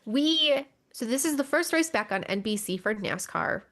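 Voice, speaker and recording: A woman's voice: on the high side, expressive, normal speed, fairly bright tone. A woman co-hosting a motorsports podcast, talking through racing news in a wry, exasperated way and swearing casually. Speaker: podcast co-host.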